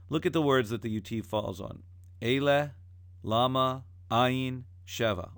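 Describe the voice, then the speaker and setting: A man teaching a recorded lesson, explaining calmly and then chanting the examples himself. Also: mid-range voice, clean tone, no room sound, studio quality. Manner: alternates plain explanation with chanting. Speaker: cantillation teacher.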